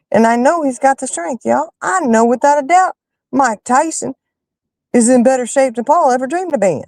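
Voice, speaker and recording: A woman hosting a casual chat with her viewers, telling stories in an animated, emphatic way and fussing loudly when annoyed. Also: sits high, normal speed, no room sound. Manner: animated, emphatic storyteller who rants and fusses. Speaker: livestream host chatting with viewers.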